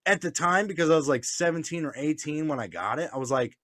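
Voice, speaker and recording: A man's voice: fairly high pitch, lively intonation, quick pace, a bit bright, no room sound, clean studio sound. A man telling stories in casual chat, swearing often, laughing, and acting out what others said. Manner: profane, laughing, acts out voices in stories. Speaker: podcast co-host.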